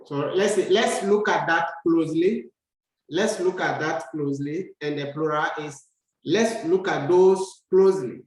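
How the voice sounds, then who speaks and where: Male grammar teacher, unhurried and repetitive, raised pitch, strong room echo. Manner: slow, deliberate, repeats sentences for learners. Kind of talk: slow grammar lesson. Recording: echoey room.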